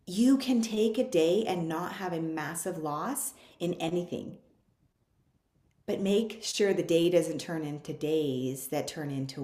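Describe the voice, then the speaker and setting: A woman's voice: low voice, darkish tone. A woman giving an earnest, conversational motivational talk who acts out her listeners' objections. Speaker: speaker on a coaching call. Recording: echoey room.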